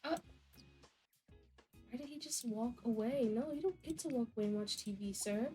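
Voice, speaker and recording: A woman's voice: mid-range voice, brisk, mellow, soft background music. A woman chatting casually over a life-simulation game, guessing what the characters think and scolding them. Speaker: gameplay narrator. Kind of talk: casual gameplay commentary.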